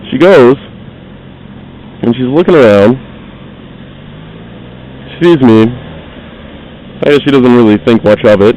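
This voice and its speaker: A man's voice: medium pitch, a little mellow, rough recording. A man telling a casual, rambling, profane story while driving his car. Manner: rambling, profane, self-deprecating. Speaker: vlogger.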